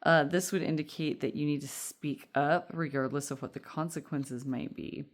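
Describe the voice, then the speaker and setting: A woman's voice: sits low, fairly even intonation, normal speed. A woman giving a casual, reassuring tarot reading, chatty and rambling with fillers. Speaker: tarot reader.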